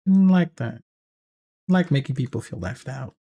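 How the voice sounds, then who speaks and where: Medium in pitch with lively intonation, a warm tone and a breathy edge, a South African man who speaks Afrikaans natively rambles on his livestream, reading chat aloud. He restarts haltingly, chuckles often and sounds tired from a long session. The recording is muffled.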